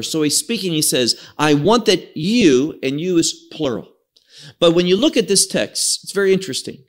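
A man's voice: a little high, normal speed. A man teaching an evening Bible study, who explains the text verse by verse, cites Hebrew words and repeats key words for emphasis. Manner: expressive, draws out key words and repeats himself.

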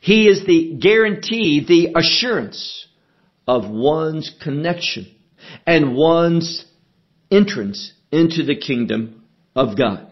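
A man teaching a sermon verse by verse, measured and emphatic, asking questions and answering them himself. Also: a little high, expressive, highs cut off. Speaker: preacher.

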